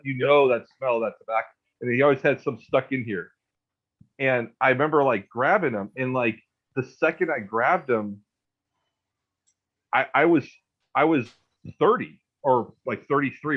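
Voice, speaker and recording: Speaking in a mid-range voice over lo-fi audio, a man in his thirties casually tells a personal ghost story. He rambles, repeats words, restarts his sentences, and says "like" a lot.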